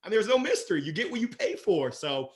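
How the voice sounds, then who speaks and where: A man talking as a guest in a casual interview, lively and playful, laughing often. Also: high voice, fast talker. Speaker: sales leader guest.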